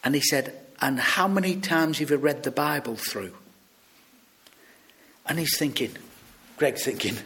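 A man's voice: on the high side, vocal fry. A British man preaching a sermon, telling stories and acting out the people he quotes. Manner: storytelling, lively, acts out quoted voices.

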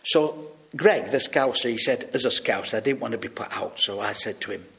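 A man's voice: mid-range voice, fairly quick, gravelly. A British man preaching a sermon, telling stories and acting out the people he quotes. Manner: storytelling, lively, acts out quoted voices.

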